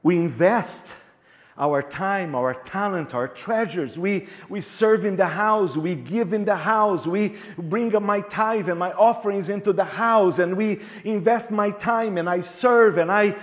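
High voiced pastor preaching, animated, repeats himself, cracks jokes. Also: male voice, a little slow. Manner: animated, repetitive, joking with the congregation. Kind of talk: sermon.

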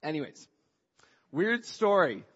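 A man telling a personal story with a moral in a chatty, animated way, acting out what people said and often filling pauses with "like". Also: on the high side, long reverb tail, dull audio. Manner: chatty, acts out quoted dialogue, frequent "like" fillers.

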